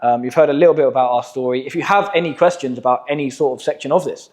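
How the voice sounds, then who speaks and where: This young English man, a podcast host who owns an agency, spins stories in a casual chat full of slang and swearing. His voice sits at medium pitch, runs fast, and has a darkish tone.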